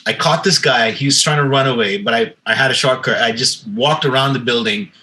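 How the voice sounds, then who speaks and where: A man's voice: mid-range voice, brisk, rough recording. A man telling a bar story in casual podcast chat, profane and acting out what people said. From Canada. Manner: animated, profane, acts out quotes. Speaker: podcast host.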